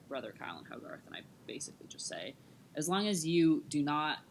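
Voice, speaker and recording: A woman playing a tabletop game, chatty and hesitant, thinking her moves through out loud. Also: a bass voice, slight background noise. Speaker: player. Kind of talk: casual tabletop play.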